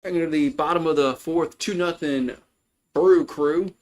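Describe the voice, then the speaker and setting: A man giving casual live play-by-play for a baseball game, chatty and loose, greeting viewers between pitches. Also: normal speed, a little mellow, rough recording. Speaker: play-by-play commentator.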